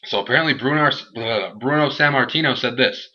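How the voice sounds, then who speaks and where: A young man reviewing a wrestling show in a casual, animated, rambling and jokey way. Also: mid-range voice, fairly quick. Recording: dull lo-fi home recording.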